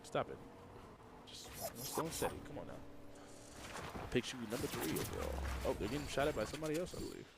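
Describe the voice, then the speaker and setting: A man co-casting an online game tournament, joking around in slangy, expressive banter. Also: mid-range voice, quick pace, creaky, pauses often. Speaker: esports co-caster. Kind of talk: casual game commentary and banter. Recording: noisy background ambience.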